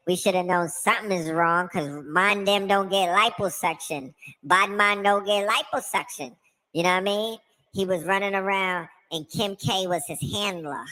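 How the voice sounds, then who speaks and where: A woman co-hosts a casual podcast with a slightly low voice. Her talk is profane and slangy, and she keeps checking in with her listeners. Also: bright, forceful tone, poor audio. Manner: profane, slangy, keeps asking "you know what I mean". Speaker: podcast co-host. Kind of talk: casual conspiracy commentary.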